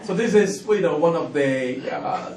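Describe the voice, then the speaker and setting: A man's voice: on the high side, expressive, unhurried, gravelly. A middle-aged man, a festival panel author telling humorous stories to a live audience, often chuckling and self-deprecating. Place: event hall with audience. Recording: roomy hall, distant mic, ambient noise.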